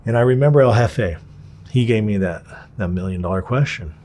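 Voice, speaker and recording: Husky, low-pitched man being interviewed, swears freely and performs the voices of people in his story. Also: fairly quick. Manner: profane, animated, acts out the people he quotes.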